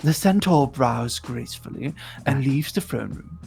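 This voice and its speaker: A woman's voice: very deep voice, expressive, measured pace, gravelly, darkish tone, slightly rough, soft background music. A woman streaming and reading aloud in a playful, mock-grandiose way, often giggling.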